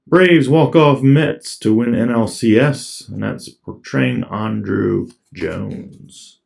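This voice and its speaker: Here a man opens trading card packs, reading each card aloud in an easygoing, offhand way. His voice sits at a medium pitch with a darkish tone and vocal fry, and he takes his time speaking.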